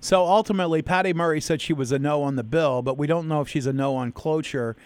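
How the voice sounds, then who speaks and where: A man hosts a casual radio show, joking and chatting in an upbeat way. His voice sits a little higher than most men's. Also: quick pace, a little mellow, clear, resonant tone, no echo. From Maine. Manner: jokey, upbeat. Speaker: radio host.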